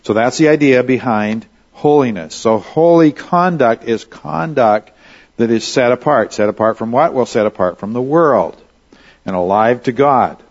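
A man's voice: medium pitch, lively intonation, unhurried, lo-fi sound. A man teaching verse by verse through a Bible passage as a preacher, talking conversationally with frequent restarts and asides.

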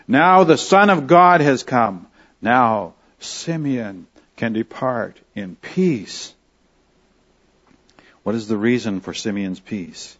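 A man from Canada preaching a verse-by-verse sermon, leaning on key words and dropping soft at the ends of phrases. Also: mid-range voice. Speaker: pastor. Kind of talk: expository sermon. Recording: slightly dull lo-fi sound.

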